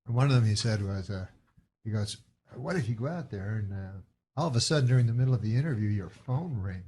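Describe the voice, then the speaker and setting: A man's voice: lowish voice, lively intonation, fast talker, darkish tone, husky. A man with a Canadian accent telling a meandering story as a comedy guest, in a dry delivery broken by chuckles and hesitations. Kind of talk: rambling anecdotal storytelling.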